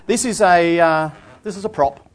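A man, an author, telling travel anecdotes to an audience in a lively, self-deprecating way, often restarting his phrases. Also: sits high, normal speed. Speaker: author giving a talk.

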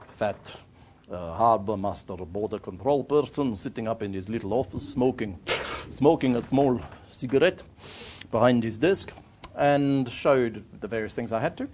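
A man's voice: fairly low pitch, expressive, unhurried, a little mellow. A middle-aged man, an author telling a story to an audience. He rambles and restarts and makes fun of himself. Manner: rambling, self-deprecating, frequent restarts. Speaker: author giving a talk.

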